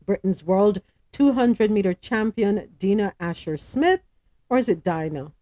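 This woman's warm, medium-pitched voice is expressive and a little slow, recorded with no room sound. She hosts a news podcast, reading stories out loud, chatting and asking her co-hosts questions, and sometimes stumbling over names.

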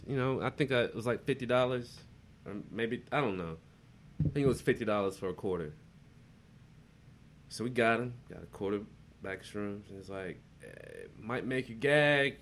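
Animated man telling party stories. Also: moderate pace, slight background noise. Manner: animated storyteller, jumps into high voices when quoting people. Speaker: podcast host. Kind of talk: casual storytelling chat.

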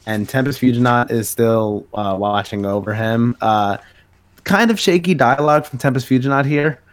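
A man's voice: mid-range voice, moderate pace. A man co-hosting a podcast, recapping a comic issue in casual chat with many filler words. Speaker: podcast co-host.

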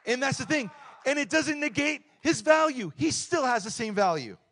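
A middle-aged man preaching a lively, joking sermon in a church, swinging between loud points and quiet asides. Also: extremely high pitch, moderate pace. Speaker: pastor.

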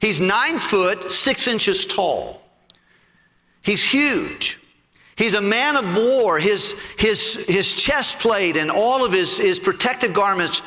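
Animated, bright-voiced preacher. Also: male voice, high voice, in a large hall. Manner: animated, repeats words while retelling. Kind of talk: storytelling sermon.

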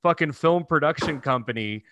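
A man's voice: a little high, normal speed, bright, forceful tone, no room sound, muffled recording. A man in his thirties with a slight Southern twang, chatting on a podcast in a drawling, profane, joking way. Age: 30s. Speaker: podcast co-host. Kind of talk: casual chat.

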